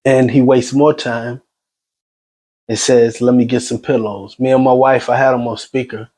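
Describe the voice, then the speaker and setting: A grieving man giving a personal spoken account in an agitated, halting way, full of restarts. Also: mid-range voice, flat delivery, darkish tone. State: shaken and grieving. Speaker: son recounting his mother's death.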